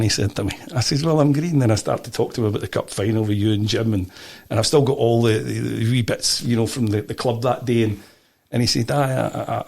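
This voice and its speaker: Scottish man, middle-aged, gravelly voice, lively storyteller, repeats himself. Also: medium pitch. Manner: animated, repeats words, frequent restarts. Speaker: podcast guest. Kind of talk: casual storytelling interview.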